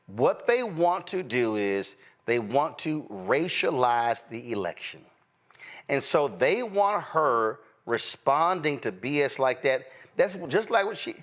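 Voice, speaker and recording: A man's voice: fairly high pitch, a bit bright. A male host giving emphatic political commentary with a preacher-like cadence.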